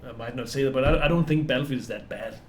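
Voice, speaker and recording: A man's voice: medium pitch, rapid-fire, a little hiss or hum. A middle-aged man, a game director, chatting casually on a developer stream, hesitant with many restarts. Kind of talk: casual dev stream chat.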